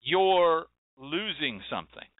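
Brief: impassioned male host, rhetorical and forceful, fairly high voice, phone-like and dry. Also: animated, takes it slowly, dry recording. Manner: emphatic, preachy, repeats phrases for effect. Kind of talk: impassioned monologue. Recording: dry tinny phone-like sound.

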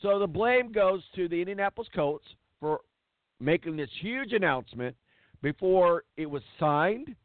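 A man's voice: high voice, expressive, normal speed, no echo. A man hosting a sports talk show, ranting bluntly and hammering words for emphasis. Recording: tinny phone-like dry sound.

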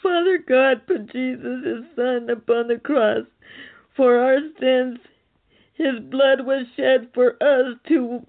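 Woman, high and flat voice, pleading prophetic speaker, thin phone-quality recording. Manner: earnest, tearful, pleading. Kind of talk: relayed prophetic message.

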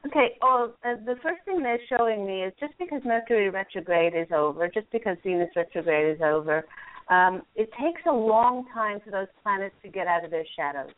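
A woman's voice: medium pitch, animated, a little fast. A woman hosting a call-in radio show, giving angel card readings in a soothing, encouraging way with frequent laughs. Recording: phone-like lo-fi line.

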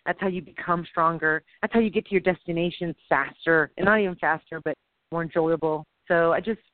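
Animated rambling woman on a tinny line. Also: lowish voice, fairly quick, no echo. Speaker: podcast co-host. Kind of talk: casual faith talk. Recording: tinny phone-like, dry.

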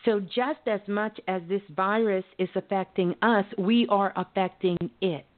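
A woman hosting a call-in radio show, giving calm spiritual advice with folksy, chatty asides. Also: medium pitch, unhurried. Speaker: radio call-in host and psychic medium. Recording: phone-like narrow audio.

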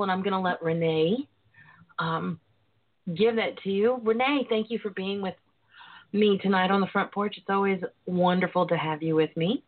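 A woman with a raspy voice and a Southern twang, hosting a casual talk show. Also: fairly low pitch. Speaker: podcast host. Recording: tinny phone line.

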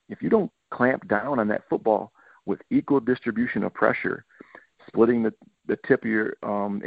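A middle-aged football coach from Michigan talks through a podcast interview, telling stories with animation and acting out quotes. His voice is low and gravelly, and it comes over a thin, phone-like line with no room sound at all. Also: no room sound. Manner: animated storytelling, acts out players' quotes. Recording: tinny phone-like line, dry.

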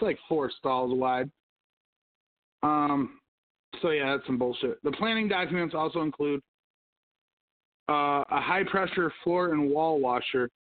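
Guy ranting and cussing on his podcast, kinda high voice, phone-line tinny sound. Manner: profane, ranting, hums to himself. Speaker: podcast host. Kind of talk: casual livestream rant.

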